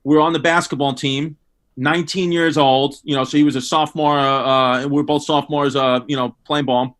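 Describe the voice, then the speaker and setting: New york accent, man, comedian guest, brash crude storytelling, high bright voice. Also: fairly even intonation, fairly quick.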